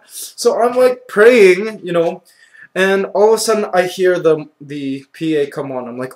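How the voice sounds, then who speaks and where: A young man vlogging, telling a story with excitable, acted-out reactions and lots of "like" and "you know". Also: on the high side, normal speed. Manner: excitable, acts out his own reactions with sudden loud outbursts; peppers speech with "like" and "you know". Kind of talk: animated storytelling.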